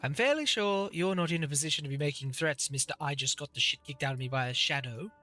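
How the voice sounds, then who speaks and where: A man voicing a squeamish, dramatic young male bard godling in a shrill, whiny and sassy tone. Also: fast talker, sharp tone, soft background music.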